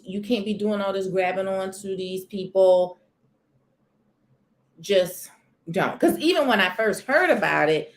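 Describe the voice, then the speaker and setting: A woman hosting a casual live stream from a corner of her home, chatting expressively about celebrity news and greeting viewers in the chat by name. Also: fairly low pitch. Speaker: livestream host. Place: corner of a room at home near a sunny window.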